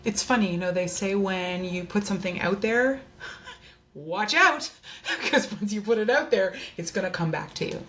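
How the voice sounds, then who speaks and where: A woman's voice: mid-range voice, expressive, normal speed, a bit bright, faint music behind. A woman hosting a candid personal monologue from her desk, speaking in an earnest, open and heartfelt way. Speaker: host.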